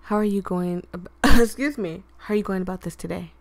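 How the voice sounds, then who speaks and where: A woman hosting a gaming video, chatting to her viewers and reading a dating game aloud, slightly hoarse, laughing and clearing her throat as she goes. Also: medium pitch, a little fast.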